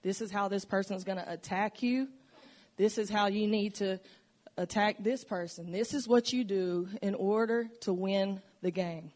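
A woman's voice: mid-range voice, normal speed, a little mellow. A woman giving a personal testimony in a church, speaking earnestly and reflectively about her faith and struggles. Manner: earnest, emotional, reflective storytelling. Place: church sanctuary.

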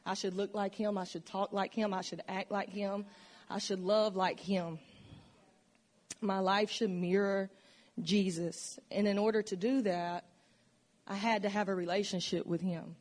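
A woman's darkish, medium-pitched voice holds steady as she speaks a bit slowly, giving her testimony in a church sanctuary. She reflects earnestly and emotionally on her faith and her struggles.

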